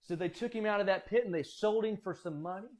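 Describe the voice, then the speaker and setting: A man casually telling Bible stories, animated and acting out voices. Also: high voice, fast talker. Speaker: storyteller.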